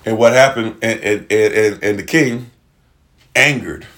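Male preacher, casual sermon, slangy animated storyteller. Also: lowish voice, unhurried.

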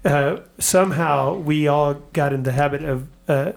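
A man hosting a church podcast, talking in a reflective, halting way with many restarts. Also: on the high side, creaky, very noisy. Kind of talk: casual chat.

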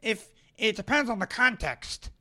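Man parodying a slippery woman college president, high, dismissive sing-song. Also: lively intonation, moderate pace, pushed and bright, exaggerated voice. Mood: mocking. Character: evasive woman university president, mocked.

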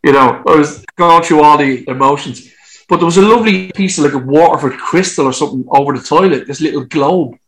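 Male interview guest, upbeat storyteller, higher-pitched voice, laughs and swears easily. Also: fairly quick, low-quality recording. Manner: lively, swears freely, laughs while telling stories. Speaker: musician guest. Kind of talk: casual anecdotal storytelling.

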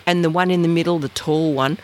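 An Australian woman, an interview guest, telling a personal story in a lively way and acting out the voices and sounds in it. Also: lowish voice, brisk, a little hiss or hum. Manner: animated, acts out voices and sounds.

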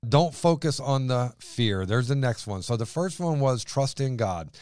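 A man's voice: medium pitch, expressive, measured pace, a little mellow, clear, resonant tone, no room sound. A man co-hosting a faith talk who reads scripture aloud and repeats words for emphasis. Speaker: co-host reading scripture.

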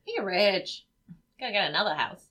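A woman's voice: medium pitch, lively intonation, normal speed, bright, forceful tone. A woman chatting casually while watching a film, wryly describing what happens on screen. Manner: wry, narrates the on-screen action. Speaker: movie watch-along co-host.

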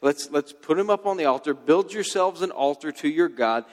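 A man's voice: fairly high pitch, moderate pace, long reverb tail, lightly acted. A man voicing a swaggering male prophet who mocks his rivals in a teasing, sarcastic way. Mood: taunting.

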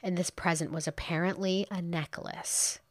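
A woman with a lowish voice tells a true crime story in a loose, chatty way. She reacts out loud as she goes and quotes people in quick put-on voices. The sound is close and dry, with no room echo. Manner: animated, quotes people in playful voices, exclaims. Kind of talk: casual true crime retelling.

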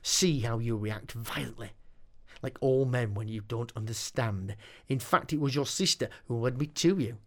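A man's voice: mid-range voice, moderate pace, close to an everyday voice. A man voicing a scornful old granny witch who mocks and taunts. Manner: scornful, mocking.

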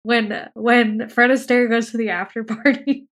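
A woman's voice: a little high, steady tone, a little slow, fairly bright tone. A woman co-hosting a podcast, talking hesitantly about a film and laughing as she goes. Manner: hesitant, giggly. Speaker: podcast co-host. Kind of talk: casual film discussion.

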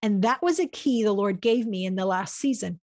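A woman's voice: mid-range voice, moderate pace, a little mellow. A woman hosting a podcast, giving an earnest, heartfelt, faith-based reflection in a conversational way. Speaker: podcast host.

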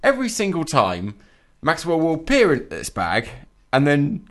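A man's voice: a little high, huge pitch swings, normal speed, a bit bright. A man co-hosting a podcast, telling stories in casual comic chat with dry, mock-grand wit. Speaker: podcast co-host.

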